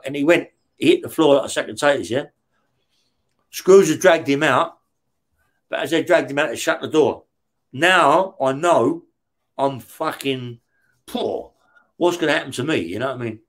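A man telling a rough story from his past in a casual interview, swearing often and checking in with "yeah?" after nearly every phrase. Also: fairly high pitch. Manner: blunt, heavy swearing, keeps checking with "yeah?". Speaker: interview guest recounting prison life.

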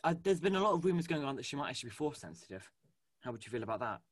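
A man co-hosting a casual fan chat, animated and gushing, with lots of fillers and restarts. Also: medium pitch, very fast, slightly rough, dry recording, studio quality. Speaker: podcast co-host. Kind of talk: casual fan chat about a cartoon series.

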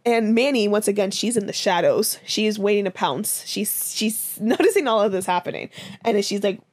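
A woman's voice: medium pitch, normal speed. A young woman co-hosting a podcast, casually recapping a TV episode with lots of fillers and swearing. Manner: animated, swearing, fillers and 'this, that, and the fourth'. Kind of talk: casual chat, recap storytelling.

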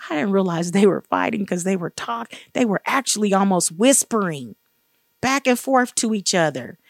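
A woman's voice: animated, moderate pace, vocal fry, no echo, clean studio sound. A middle-aged woman sharing a faith-based personal testimony in an earnest, encouraging way. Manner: earnest and encouraging, acts out quoted dialogue with raised pitch. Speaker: guest speaker sharing testimony.

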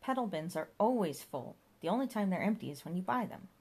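A woman's voice: lowish voice, animated, brisk, darkish tone, slightly rough. A woman voicing a meddling, smothering male monkey-boy companion in a storybook reading. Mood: bossy. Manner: fussy, smothering, bossy.

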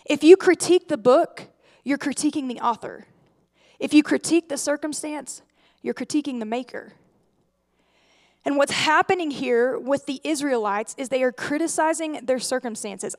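A young adult woman delivers a sermon in an easy, conversational way. Her voice sits high, and she keeps the congregation engaged with rhetorical questions and lively asides. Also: normal speed. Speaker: preacher.

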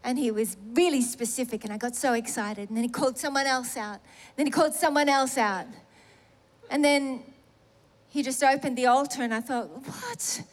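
A middle-aged woman telling a personal testimony in a sermon, animated and self-mocking, laughing through emotional moments. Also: high-pitched, moderate pace. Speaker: preacher sharing a testimony.

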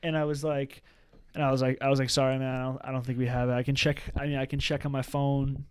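A man's voice: medium pitch, level tone, fast, clean tone, no echo. Rambling young man telling a story. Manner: rambling storyteller, many restarts and "like". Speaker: podcast co-host. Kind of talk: casual chat.

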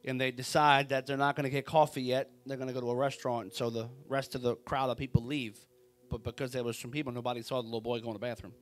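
A man preaching a sermon, telling a story with drama and swinging from a hushed voice to a shout. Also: mid-range voice, flat delivery, fast, soft background music. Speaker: pastor.

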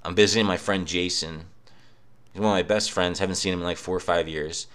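Young guy, very low voice, cheap home mic, profane sarcastic rant. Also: fairly even intonation, brisk, fairly bright tone. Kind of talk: casual rant. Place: apartment. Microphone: cheap microphone.

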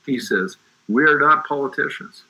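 Emphatic husky-voiced man preaching. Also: fairly high pitch, measured pace, pushed and bright, low-quality recording. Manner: emphatic, preacherly, restarts often. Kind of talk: faith discussion.

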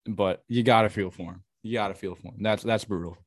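A young man co-hosting a sports podcast, chatting casually and telling profane, excitable stories. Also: on the low side, a little fast, dry recording. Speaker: podcast co-host.

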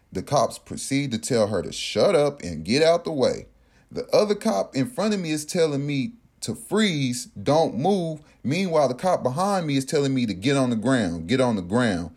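A man in the middle of a personal story, talking casually and with lots of energy. He swears freely and slips into the voices of the people he describes. His voice sits at an ordinary middle pitch. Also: moderate pace, breathy edge. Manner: animated, profane, acts out quotes.

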